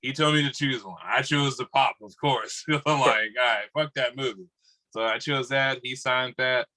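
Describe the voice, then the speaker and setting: Laid-back bright-voiced man. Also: mid-range voice, moderate pace, low-quality recording. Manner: laid-back, laughing, loose storytelling. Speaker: podcast co-host. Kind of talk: casual podcast chat over a video call. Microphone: video call.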